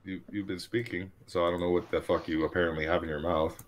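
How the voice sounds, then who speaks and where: A man's voice: sits low, little pitch movement, fast, a little hiss or hum. A man co-hosting a live stream, exasperated and swearing freely in casual banter.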